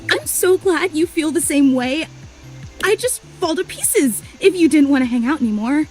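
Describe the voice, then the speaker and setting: A woman's voice: sits high, animated, normal speed, a little mellow, faint music behind, low-quality recording. A woman voicing an overly emotional, clingy young female superfan in a video game, gushing and apologizing in a tearful rush. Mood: adoring.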